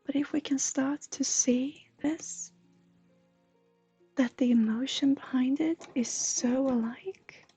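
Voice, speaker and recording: A woman from Sweden, a streamer and intuitive counselor chatting softly with viewers, often slipping into a breathy whisper. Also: sits high, slow pace, soft background music. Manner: soft, often drifting into a breathy whisper, laughs often. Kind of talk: live stream chat with viewers.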